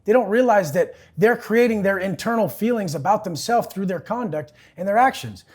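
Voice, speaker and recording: A young man as an interview guest, talking bluntly and forcefully with a lot of swearing in an intense motivational way. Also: high-pitched.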